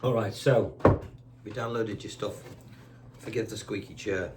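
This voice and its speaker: A man's voice: on the low side, a little slow, heavy background noise. A man teaching a guitar lesson, chatty and reassuring, counting notes aloud while seated indoors. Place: indoors, seated on a squeaky chair.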